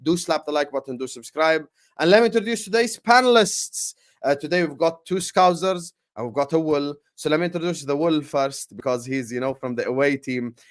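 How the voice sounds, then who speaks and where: A man hosting a football livestream, talking in a hype, energetic way with lots of ums and uhs. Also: on the high side, a little fast, few pauses. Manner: energetic, hype-style announcing with frequent fillers. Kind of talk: casual livestream chat.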